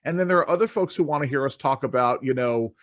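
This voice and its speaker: A man's voice: medium pitch, fast, dry recording. A male co-host of a casual political talk show, rambling with restarts and frequent laughs. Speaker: podcast co-host.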